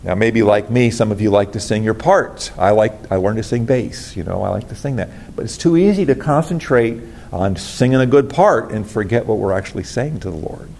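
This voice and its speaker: A man's voice: fairly low pitch, lively intonation, normal speed, gravelly, few pauses, darkish tone, slight background noise. A man pastor preaching a sermon, earnest and preacherly, addressing the congregation directly.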